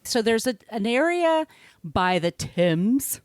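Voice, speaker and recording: A woman's voice: a little high, sing-song, slow pace, dry recording. A woman hosting a podcast, telling a true-crime story in a chatty, casual way, swearing freely and laughing often. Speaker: podcast host.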